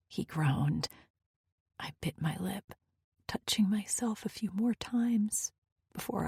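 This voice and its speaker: A woman's voice: medium pitch, takes it slowly, creaky, mellow, husky, no echo, clean studio sound. A woman narrating a first-person romance audiobook in an intimate, often near-whispered manner.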